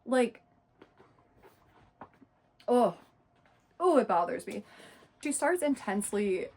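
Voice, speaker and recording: A woman's voice: a little high, sing-song, creaky, darkish tone, husky. A woman giving a casual, exasperated book review rant. She leans hard on "like" and "literally". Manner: talks fast and loose, leaning hard on "like" and "literally"; exasperated and indignant.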